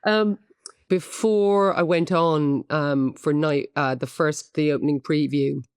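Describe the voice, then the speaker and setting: A woman's voice: low voice, steady tone, slow, darkish tone, clean tone, no echo, studio quality. A middle-aged woman with an Irish accent, a guest actress talking candidly and chattily in a podcast interview, self-deprecating and full of "um"s. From Ireland.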